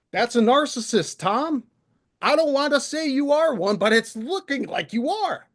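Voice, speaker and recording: A man's voice: very high voice, very animated, unhurried, a bit bright. A male livestream host delivering an exasperated, profane, confrontational rant straight to the camera. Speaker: channel host. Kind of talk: ranting livestream monologue.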